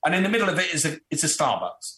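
Animated man telling a story. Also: fairly high pitch, very fast, echoey room. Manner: animated storyteller, acting out quoted voices. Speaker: guest. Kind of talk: casual storytelling.

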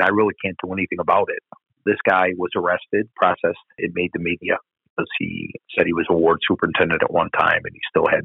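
Speaking low and gravelly, a man who used to be a police officer shares crude, no-nonsense tales from his career during an interview. There's no echo on the dry audio, which sounds like it came over a phone.

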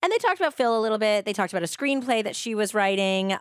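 A woman's voice: medium pitch, big pitch swings, fast, no echo, studio quality. A woman hosting a podcast, telling a true-crime story in a casual, chatty way with many "like" fillers. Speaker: podcast host.

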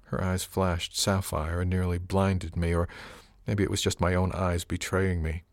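A man with a very low, deep voice narrates a first-person audiobook. His delivery is measured and wry. The sound is dry and close, with no room around it. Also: little pitch movement, dry recording.

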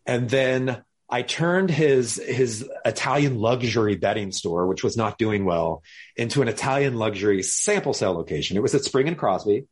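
A man, a podcast guest, telling a lively story with laughter and acted-out quotes. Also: mid-range voice, normal speed, husky. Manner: animated, laughing, acts out quoted voices.

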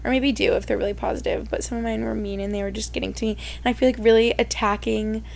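Young woman podcaster just chatting, kinda high voice with lots of vocal fry, says like constantly. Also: steady tone, fast, darkish tone. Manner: rambling, heavy use of "like", openly emotional. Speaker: podcast host. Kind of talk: casual solo chat.

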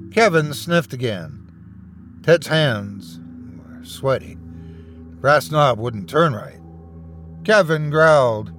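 A man's voice: mid-range voice, lively intonation, slow pace, long pauses, a bit bright, faint music behind. Man narrating a suspenseful horror story. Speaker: horror podcast host and narrator.

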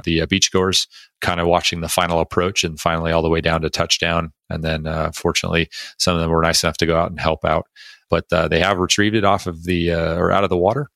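A chatty American man hosts an interview in a bright, forceful voice on a dry, close recording. He talks casually with plenty of fillers and pokes fun at himself. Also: deep voice, no echo. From United States. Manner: chatty, self-deprecating, filler-heavy. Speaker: podcast host.

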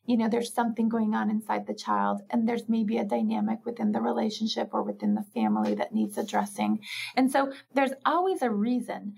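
A woman's voice: fairly high pitch, vocal fry, darkish tone, slightly rough. A woman speaking as a parenting expert in an interview, reflective and explanatory, who often acts out little parent dialogues and laughs easily.

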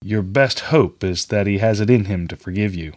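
A man voicing a middle-aged farmer father who speaks gently and kindly to his daughter. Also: lowish voice, normal speed, close to an everyday voice. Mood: gentle, fatherly.

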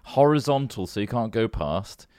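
A man from England talks in a laid-back, sweary way, with chuckles scattered through his chat. His voice sits fairly low, and the home recording is close and dry. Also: animated, normal speed, a little mellow, no echo. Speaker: podcast co-host. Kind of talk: casual chat. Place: home room.

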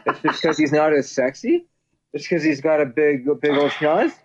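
A man's voice: a little high, expressive, normal speed. A man, a musician, chatting casually and joking, full of filler words. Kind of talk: casual chat. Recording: muffled lo-fi audio with faint noise.

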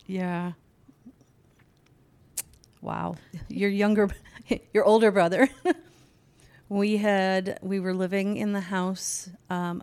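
A middle-aged woman, the host's mother, telling family stories in a casual chat with a measured manner. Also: mid-range voice, darkish tone, clean tone. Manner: measured, unhurried storytelling.

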